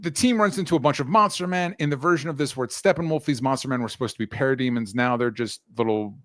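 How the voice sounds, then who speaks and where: A man co-hosting a casual movie podcast, recapping the plot with wry asides and many quick yeahs. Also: medium pitch, fairly bright tone, no echo, studio quality. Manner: laid-back, lots of fillers and quick yeahs. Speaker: podcast co-host. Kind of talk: casual movie review chat.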